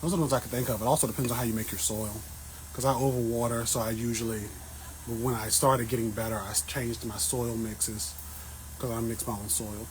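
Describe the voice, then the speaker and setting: A man chatting casually with his viewers on an outdoor patio, answering plant questions in a joking, animated way. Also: medium pitch, fairly quick, slight background noise, rough recording. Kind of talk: casual livestream chat.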